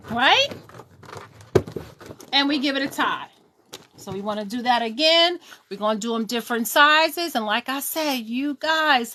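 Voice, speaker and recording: Brooklyn lady w/ a ny accent doing a live craft tutorial, high-pitched, chatty and sassy, faint hiss behind her. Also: sharp tone. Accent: New York. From Brooklyn, New York. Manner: chatty, gives sassy warnings, talks to viewers by name. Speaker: balloon decor tutorial host. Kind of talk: casual live-stream tutorial.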